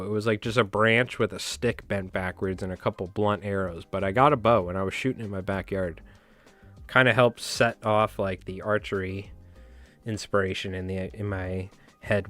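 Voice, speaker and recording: A man's voice: fairly low pitch, fairly bright tone, dry recording. A man hosting a casual fly tying live stream, joking and rambling as he talks back to his chat.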